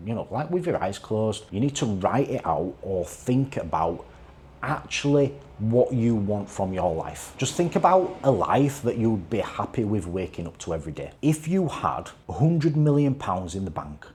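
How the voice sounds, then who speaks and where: A man's voice: fairly low pitch, warm tone. A man speaking as a fitness and life coach in a motivational vlog, earnest and repetitive in his urging. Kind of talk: motivational talking-to-camera vlog.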